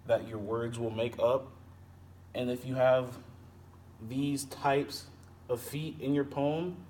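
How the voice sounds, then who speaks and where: Man explaining poetry from a distance. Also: medium pitch. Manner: explains slowly, repeating and sounding out words. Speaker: teacher. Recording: distant mic with faint background noise.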